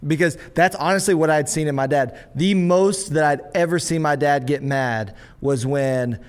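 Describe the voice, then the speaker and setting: A young adult man hosting a podcast as a pastor, telling family stories in a lively way and acting out the voices of his kids and his dad. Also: fairly high pitch, normal speed, clear, resonant tone. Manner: animated storyteller acting out family scenes. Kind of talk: casual podcast conversation.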